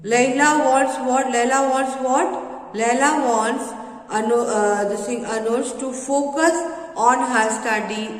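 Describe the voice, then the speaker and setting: A woman teacher explaining a lesson to children, slow and halting with many fillers. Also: fairly high pitch. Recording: echoey room, voice from a distance.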